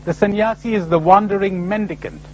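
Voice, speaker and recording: A man's voice: sits high, brisk, slight background noise, rough recording. A man giving a spiritual lecture full of stories, told in a playful, emphatic way. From India. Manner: animated storyteller, playful and emphatic. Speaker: spiritual speaker.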